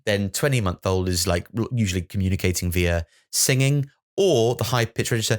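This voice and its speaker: A man's voice: lowish voice, a little fast, hardly any pauses. A man hosting his own podcast, rambling through a sweary, self-mocking comic monologue. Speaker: comedian podcast host.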